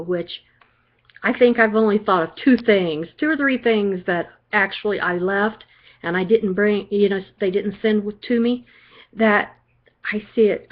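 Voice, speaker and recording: An older woman doing a chatty, reassuring psychic card reading, often checking in with "okay?". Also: mid-range voice. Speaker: psychic reader. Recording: dull lo-fi recording.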